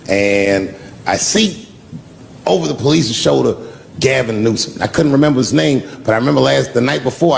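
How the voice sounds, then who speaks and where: Stand-up comic, male, gravelly tone, lively storytelling on stage with faint room hum. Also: mid-range voice. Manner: animated, acts out characters, profane. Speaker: stand-up comedian. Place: live stage before an audience.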